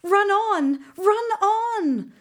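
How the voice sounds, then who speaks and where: A woman's voice: high-pitched, expressive, measured pace, voice pushed up. A woman voicing a nervous, eager young boy hero in a storybook reading. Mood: urgent.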